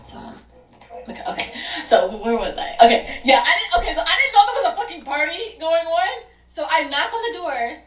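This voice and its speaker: A young woman telling a storytime on her vlog, animated and profane, laughing as she goes. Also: high voice. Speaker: vlogger. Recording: echoey room, distant mic.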